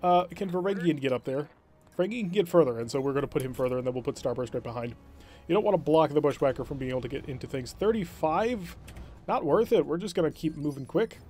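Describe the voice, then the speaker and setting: A man talks through a strategy game session, explaining his tactics and thinking aloud. His voice sits somewhat high for a man. He speaks in a casual commentary style. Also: fast, mellow. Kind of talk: let's-play commentary.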